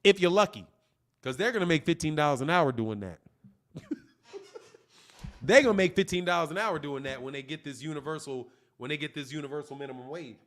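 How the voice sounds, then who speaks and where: A man with a high voice rants on a live stream, swearing freely and mocking a viewer. He taunts and laughs between jabs, like a boxing channel host going off on a heckler. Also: fairly quick, pauses often, a bit bright.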